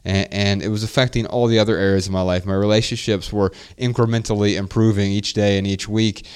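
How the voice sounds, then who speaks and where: A man's voice: fairly low pitch, brisk, clean tone. A man in his thirties co-hosting a podcast, telling family stories in a casual, reflective way. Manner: reflective, storytelling, animated when quoting his daughter. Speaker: podcast co-host.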